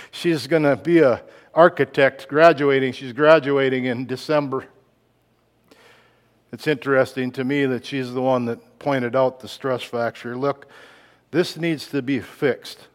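A man preaching a sermon, moving from quiet reflective lines to loud emphatic outbursts, laughing now and then. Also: medium pitch, in a large hall. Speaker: pastor.

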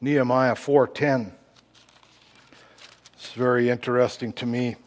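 A man preaching a sermon, moving from quiet reflective lines to loud emphatic outbursts, laughing now and then. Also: mid-range voice, fairly even intonation, measured pace, long reverb tail. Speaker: pastor.

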